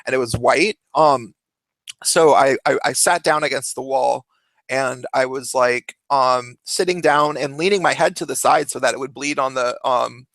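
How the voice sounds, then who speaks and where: A young man telling a story in a casual, animated way, laughing often and swearing. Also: medium pitch, normal speed, creaky, no room sound. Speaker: vlogger.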